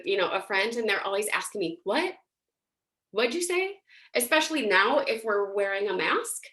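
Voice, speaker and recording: A woman's voice: a little high, a bit bright. Chatty woman voice teacher. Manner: chatty, lots of fillers, demonstrates voices. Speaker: singing and voice instructor. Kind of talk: casual workshop talk.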